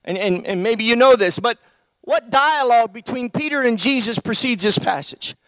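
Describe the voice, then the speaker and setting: A man's voice: very high voice, lively intonation, normal speed, a bit bright, dry recording. A man preaching a sermon, posing one rhetorical question after another to his congregation.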